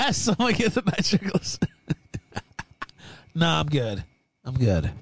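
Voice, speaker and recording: A man hosting a livestream, delivering an angry, profane rant that swings between yelling and low muttering, mocking his critics. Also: huge pitch swings, slow pace, breathy edge, no room sound. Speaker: livestream host.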